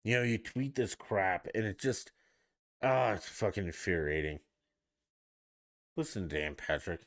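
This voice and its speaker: A man with a lowish voice hosts his own podcast, ranting on his own about sports. He sounds fed up and swears freely as he goes on. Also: unhurried. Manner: ranting, profane, exasperated. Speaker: podcast host. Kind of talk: solo sports rant podcast.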